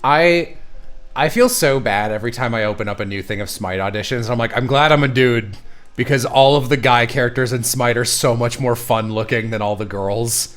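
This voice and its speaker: A man's voice: mid-range voice, a little fast, soft background music. A man hosting a casual live stream chat, joking and laughing a lot. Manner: animated, laughs a lot, jokey. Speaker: show creator and host.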